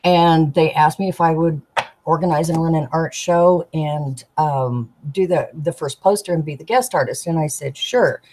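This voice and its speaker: A woman, a tarot deck artist, chatting as a guest and telling animated stories, acting out the people she quotes. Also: deep voice, normal speed, a little hiss or hum, poor audio. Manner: animated storyteller, giggly, acts out quoted voices. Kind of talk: casual storytelling chat.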